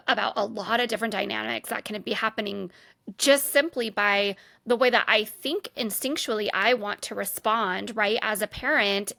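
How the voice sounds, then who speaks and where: A woman who hosts a podcast and works as a therapist. Her voice sits a little high, and she talks in an earnest, thinking-aloud way, full of restarts and "right?". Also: vocal fry, pushed and bright. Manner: thoughtful, earnest, restarts often, says "right?". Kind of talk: podcast interview.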